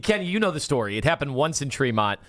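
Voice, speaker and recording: A man co-hosting sports talk radio, chatting casually and jumping in with quick reactions. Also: fairly high pitch, sing-song, fairly bright tone. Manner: conversational, chimes in with quick reactions.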